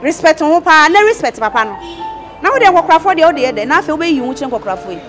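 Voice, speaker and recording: A scolding Ghanaian woman speaks in a high voice that swings widely up and down. Clear background music plays under her words. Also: sing-song, normal speed. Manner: scolding, reproachful. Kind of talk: Ghanaian film acting.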